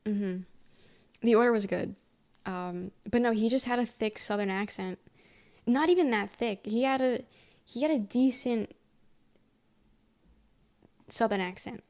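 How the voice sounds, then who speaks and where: Soft-spoken lady streamer chatting away, a bit high-pitched, rambly and sweary. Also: measured pace, long pauses. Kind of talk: casual chat on a live stream.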